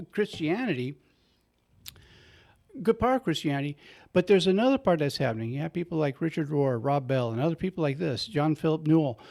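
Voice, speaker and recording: Radio host guy, slightly high voice, earnest and emphatic. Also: vocal fry, darkish tone. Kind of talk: radio talk show conversation.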